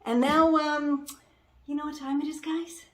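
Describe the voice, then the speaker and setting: A woman's voice: sits high, little pitch movement, unhurried, echoey room. A woman hosting a DIY clothing refashion vlog, gushing enthusiastically about her finished project. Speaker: DIY refashion vlogger and host. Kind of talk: upbeat craft vlog.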